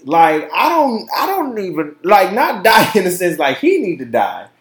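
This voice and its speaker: A man hosting his own podcast, talking in an impassioned, profane way, repeating words and swinging from loud outbursts to quiet asides. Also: high-pitched, wildly swooping pitch, normal speed, roomy sound. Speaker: podcast host. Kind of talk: casual opinion podcast monologue.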